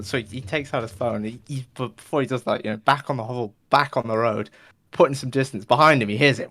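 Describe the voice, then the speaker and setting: A man's voice: medium pitch, fairly even intonation, brisk, a bit bright. A man hosting a podcast, telling a long rambling joke in a loose, casual way and filling it with whooshing sound effects. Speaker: podcast host. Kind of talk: rambling comedic storytelling.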